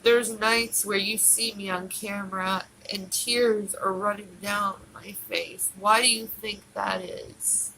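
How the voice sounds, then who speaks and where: Woman on a livestream begging and repeating herself, teary, slow drawn out talk, bright voice. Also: medium pitch, steady tone, slight background noise, low-quality recording. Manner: pleading and repetitive. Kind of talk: emotional livestream monologue.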